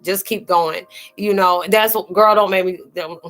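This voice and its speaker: A woman's voice: mid-range voice, fairly even intonation, unhurried, a bit bright, soft background music, low-quality recording. A woman hosting a live-stream spiritual chat, close to tears and speaking earnestly and colloquially to her viewers by name. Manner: colloquial, fillers and restarts, calls listeners sweetie.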